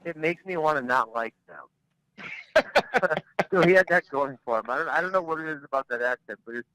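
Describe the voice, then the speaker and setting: A man's voice: fairly high pitch, normal speed, sharp tone, dry recording, low-quality recording. A man talking bluntly as a podcast guest, rambling and restarting his sentences in casual chat. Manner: blunt, rambling, repeats words when starting.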